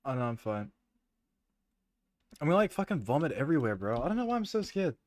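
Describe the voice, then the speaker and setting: A man's voice: medium pitch, sing-song, quick pace, a little mellow, dry recording. A young man streaming a horror game, chatting with friends, swearing a lot and laughing nervously.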